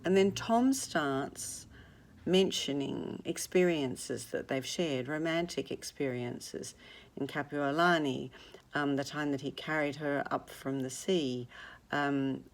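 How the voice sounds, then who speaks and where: A woman with a low voice reads passages aloud and steps out to explain them. Her asides are conversational and explanatory, in the manner of a literature teacher. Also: takes it slowly, gravelly. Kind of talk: reading and commenting on a novel.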